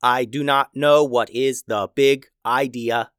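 A man's voice: medium pitch, fairly even intonation, slow pace, a bit bright, clean tone, no room sound, studio quality. A man voicing a robot pizza cook that speaks in stiff, formal phrases.

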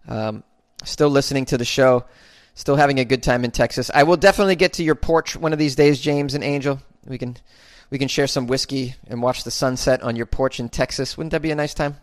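A man's voice: mid-range voice, no room sound, studio quality. A man hosting his own podcast, chatting casually and self-deprecatingly as he answers listener comments. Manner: rambling, self-deprecating, with halting restarts. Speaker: podcast host.

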